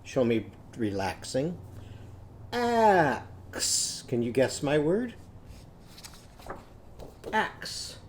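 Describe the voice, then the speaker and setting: A man teaching a children's phonics lesson, patiently sounding out words slowly for young learners. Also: medium pitch, big pitch swings, a little mellow, a little hiss or hum. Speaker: literacy teacher.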